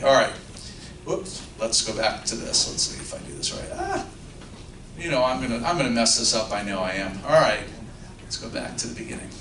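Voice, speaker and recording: A man serving as legal counsel gives a live talk at a luncheon, joking and poking fun at himself while putting questions to the audience. His medium-pitched voice is fairly bright, captured from a distant mic in a roomy function room with background noise.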